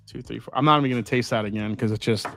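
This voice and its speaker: A man's voice: mid-range voice, steady tone, racing, vocal fry, fairly bright tone, soft background music. A man hosting a live stream, chatting casually and rambling while tasting and answering viewer comments. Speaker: host.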